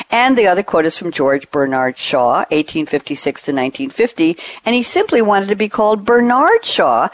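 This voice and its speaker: Female podcast host, lively and upbeat; dry, close mic. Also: deep voice, dry recording.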